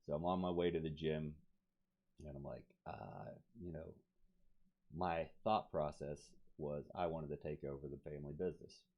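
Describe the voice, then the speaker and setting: A podcast guest with a bass voice tells a story at normal speed, cursing freely. He's animated, acting out quoted voices, and the recording has a dull lo-fi quality.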